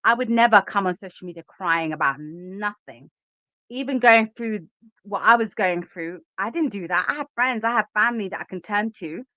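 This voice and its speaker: Emphatic woman host with a bright voice. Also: medium pitch, moderate pace, no echo, highs cut off. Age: adult. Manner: opinionated and emphatic, reads chat aloud. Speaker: livestream commentary host. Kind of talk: casual livestream commentary.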